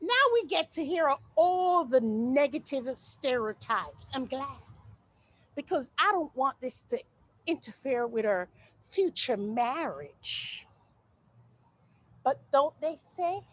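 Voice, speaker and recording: A woman's voice: high voice, lively intonation, slow pace. A woman performing a comic stage monologue with a sassy, exaggerated delivery.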